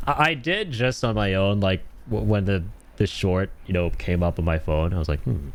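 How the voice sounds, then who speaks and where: A man's voice: sits low, moderate pace. A young man with a North American accent, telling stories in a casual chat while streaming a game, laughing often and trailing off with fillers. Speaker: livestreamer.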